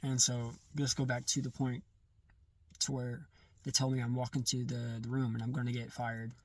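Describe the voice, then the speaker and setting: A man with a mid-range, monotone voice shares his personal testimony as a casual story, frequently stopping to restart or fix what he's saying mid-sentence. He's distant from the mic, but there's no echo.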